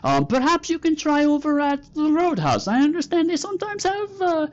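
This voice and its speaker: A man's voice: very high voice, wildly swooping pitch, normal speed, dull audio, pitched above the performer's own voice, heavily acted. A man voicing a fussy male cat shop owner who puts on a bad foreign accent, flustered and overly polite. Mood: obsequious.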